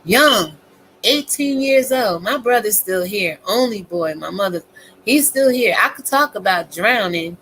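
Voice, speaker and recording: A woman's voice: mid-range voice, lively intonation, unhurried, a bit bright, a little hiss or hum, rough recording. A woman content creator ranting in a casual vlog, preaching with scripture and lots of cursing. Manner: profane, preachy and fiery; quotes scripture. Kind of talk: casual commentary vlog rant.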